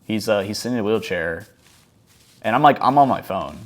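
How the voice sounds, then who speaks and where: A man's voice: fairly low pitch, expressive, a little fast. A man telling a casual story over gameplay, rambling along with many fillers like "like" and "um". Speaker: gaming channel host.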